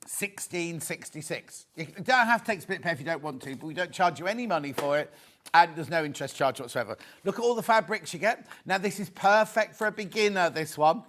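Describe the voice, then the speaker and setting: A British man presenting on a live TV shopping channel, chatty and excitable, repeating prices and bantering with the studio crew. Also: on the high side, fairly quick.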